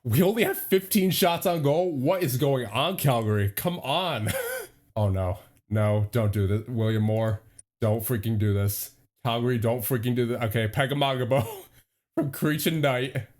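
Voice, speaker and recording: A man's voice: medium pitch, moderate pace, darkish tone. A young man recapping simulated hockey games for his channel, pleading with his team and laughing nervously between scores. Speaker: gaming YouTuber. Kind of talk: hockey sim franchise play-by-play.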